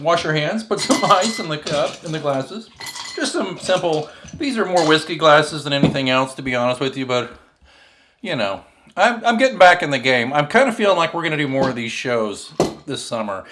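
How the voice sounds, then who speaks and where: A man's voice: medium pitch, noisy background. A man hosting a casual home cocktail show, chatting and joking as he mixes drinks at his bar. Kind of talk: casual chat while mixing drinks.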